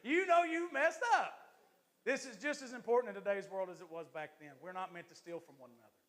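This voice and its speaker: Man, assistant pastor, sermon in church, very high pitch, lively and joking. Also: fast. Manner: lively, joking and preaching to the congregation.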